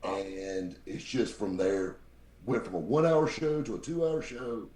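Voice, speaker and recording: A man with a very deep voice, telling lively stories as a podcast guest and acting out the people he quotes. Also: measured pace. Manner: animated anecdote-teller, acts out quoted people. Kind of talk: casual storytelling. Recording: roomy echo.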